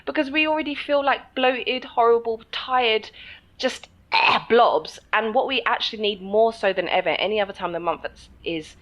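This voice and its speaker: A woman's voice: on the high side, normal speed, highs cut off. A woman co-hosting a podcast, chatting casually and animatedly, often laughing and acting out quoted voices. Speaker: podcast co-host. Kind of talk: casual chat.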